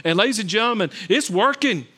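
A middle-aged man preaching a sermon as pastor, telling stories and swinging between loud bursts and hushed calm. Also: high-pitched, a little fast.

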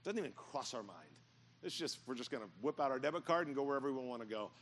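A middle-aged man preaching a sermon in a church, telling stories and building to loud, emphatic points. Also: mid-range voice, animated, fast talker, slight background noise. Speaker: pastor. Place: church sanctuary.

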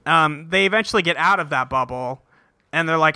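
A man's voice: on the high side, a little fast, bright, forceful tone, no echo, studio quality. A young man hosting a casual podcast, recapping a cartoon episode with a rambling, profane, laughing manner. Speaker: podcast host.

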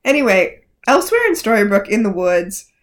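A woman co-hosting a casual TV recap podcast, animated and exclamatory, swearing freely. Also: medium pitch, fairly quick. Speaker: podcast co-host.

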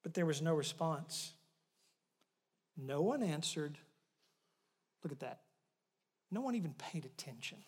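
A man preaches with real animation, swinging between loud bursts and hushed asides as he retells the story. His voice sits high for a man. The sound carries a long reverb, like a large church hall. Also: animated, unhurried, pauses often, slightly rough. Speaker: pastor. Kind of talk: sermon.

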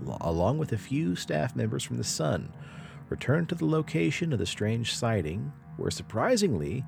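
A man's voice: mid-range voice, creaky. A man hosting a podcast, telling a spooky story in a dramatic, rising and falling way. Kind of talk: storytelling narration.

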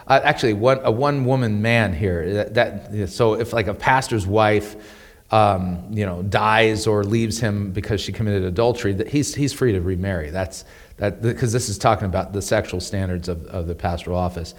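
A man teaching the Bible in a conversational, animated way, often stumbling over and repeating his words and chuckling as he explains. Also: on the low side, normal speed, big-room sound.

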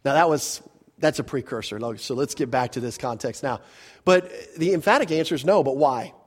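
A man preaching a verse-by-verse sermon as pastor, talking conversationally with rhetorical questions and quick self-corrections. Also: mid-range voice, breathy edge. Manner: grows animated when telling a personal story.

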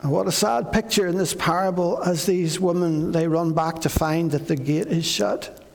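High-voiced gravelly preacher in a hall. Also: male voice, moderate pace, slight background noise. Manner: earnest preaching, with repeated phrases and acted pleas. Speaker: pastor. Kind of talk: sermon.

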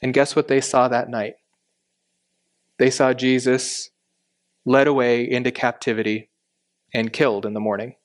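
A man delivers an expository sermon at an even, deliberate pace. He explains scripture point by point and leans on the words he wants to stress. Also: mid-range voice. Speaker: Bible teacher.

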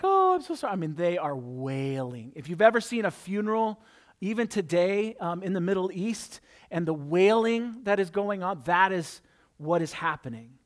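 High-voiced man preaching casually. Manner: casual, animated storytelling with wry asides. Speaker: pastor. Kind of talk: conversational sermon.

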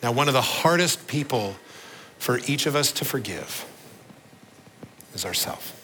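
Pastor, male, bright ringing voice, earnest sermon delivery that sinks low and slow for emphasis. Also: expressive, a little hiss or hum, low-quality recording. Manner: earnest, slows and drops low on key words.

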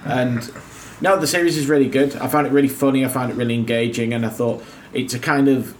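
A man chatting casually about a TV series, joking and sarcastic in an animated way. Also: medium pitch, fast talker, a little hiss or hum. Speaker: co-host reviewing a TV series. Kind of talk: casual chat.

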